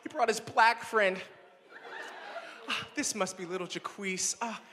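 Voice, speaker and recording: A man's voice: high-pitched, unhurried, sharp tone, a little hiss or hum. A man voicing a gushing, patronizing middle-aged suburban mom. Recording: long hall reverb.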